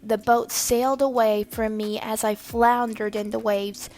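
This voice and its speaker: A woman reading a children's chapter book aloud in a slow, expressive storytelling manner. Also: on the high side, faint music behind. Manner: slow, expressive storytelling with soft hushed passages. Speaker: reader.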